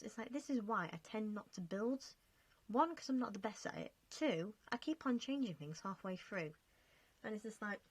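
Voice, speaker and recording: A young woman talks casually over her game footage in a mid-pitched voice. She is chatty and self-mocking, laughing at herself as she goes. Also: no room sound. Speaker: game vlogger. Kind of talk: casual commentary over gameplay.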